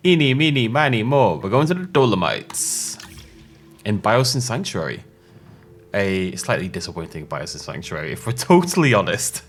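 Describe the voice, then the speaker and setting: A man's voice: on the low side, a little hiss or hum. A young man hosting a game playthrough, talking casually and chattily, laughing often and interrupting himself. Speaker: gaming channel host. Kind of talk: casual let's-play commentary.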